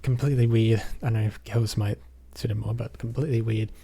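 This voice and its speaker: A man's voice: on the low side, steady tone, a little fast, mellow, husky. An Australian man recapping a movie in a rambling, casual way, often filling gaps with "basically" and "um". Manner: rambling, leans on fillers like "basically" and "um". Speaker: movie reviewer.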